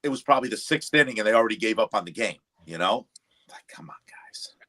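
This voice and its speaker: A man's voice: on the low side, rapid-fire. An older man hosting a casual chat over drinks, telling stories and quoting movies. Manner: animated storyteller, quotes movies and friends. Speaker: livestream host.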